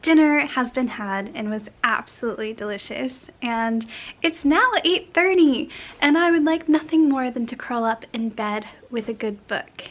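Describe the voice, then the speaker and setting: A woman talking casually and softly in a cozy lifestyle vlog, at times dropping to a whisper. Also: fairly high pitch, lively intonation, moderate pace, dull audio. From Portland area, United States. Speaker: vlogger.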